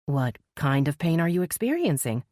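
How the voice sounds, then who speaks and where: A woman voicing a brisk, matter-of-fact female nurse in an audiobook. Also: deep voice, very animated, warm tone, no room sound, clean studio sound.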